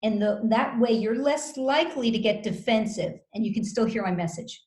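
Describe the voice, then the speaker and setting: A woman giving communication advice as an interview guest, explaining step by step in a measured way with deliberate pauses, over a video call. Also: a little high, darkish tone. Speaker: communication skills guest expert. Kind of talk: coaching advice in conversation. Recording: roomy echo.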